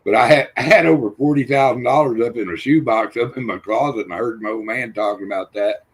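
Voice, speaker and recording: Older guy swapping rough stories, cusses a lot, a bit husky. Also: mid-range voice, fast talker. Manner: rough-spoken, swears freely, acts out quotes. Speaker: panel guest. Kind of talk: casual storytelling on a livestream panel.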